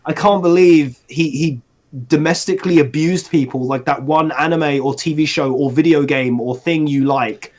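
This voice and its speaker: A man's voice: fairly high pitch, moderate pace, darkish tone. A man co-hosting a casual podcast chat, ranting sarcastically with restarts and laughs. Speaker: podcast co-host.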